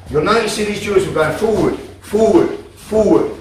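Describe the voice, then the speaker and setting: A man with a high voice runs a self-defense class, speaking at a moderate pace and pressing each point with force. His language is blunt and full of profanity. The distant recording captures an echoey hall with slight background noise.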